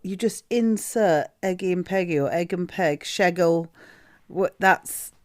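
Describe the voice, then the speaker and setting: A woman's voice: fairly low pitch, measured pace, darkish tone, no room sound. A woman co-hosting a podcast in casual chat, blunt and swearing freely. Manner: blunt, swears, laughs often. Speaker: podcast co-host.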